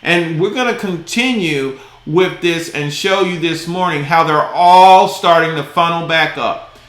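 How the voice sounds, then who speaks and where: A man's voice: on the high side, a little slow, fairly bright tone, echoey room. A man hosting a crypto channel, talking casually, with emphatic, exasperated and folksy commentary and a bit of cussing.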